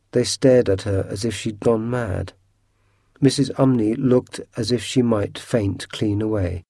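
A man narrating a storybook audiobook in a measured, unhurried way. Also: on the low side, creaky, warm tone, no room sound, studio quality.

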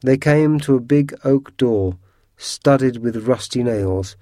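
A man narrating a storybook audiobook in a measured, unhurried way. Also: mid-range voice, dark tone, dry recording, studio quality.

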